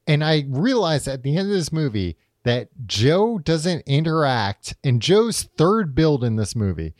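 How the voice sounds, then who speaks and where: A man co-hosting a podcast in casual chat, animated and quick to laugh, swearing now and then. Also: a little high, no echo, clean studio sound. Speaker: podcast co-host.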